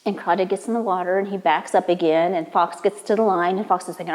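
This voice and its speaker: A woman's voice: on the low side, quick pace, few pauses. Brief: woman storyteller from the Cherokee Nation, easy conversational telling, lingering room echo. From Cherokee Nation, Oklahoma. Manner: relaxed, conversational, playful. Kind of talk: oral storytelling.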